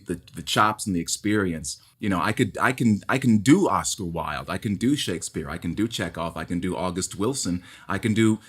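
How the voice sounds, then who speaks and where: Baritone male actor, emphatic. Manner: emphatic, animated, repeating words as he builds a point. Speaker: stage actor. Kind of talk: candid conversational interview.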